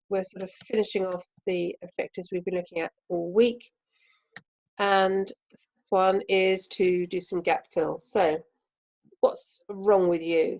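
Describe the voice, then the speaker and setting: An English woman, a language teacher, giving a recorded remote lesson with patient, clear explanations and frequent pauses. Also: lowish voice, a little mellow, rough recording.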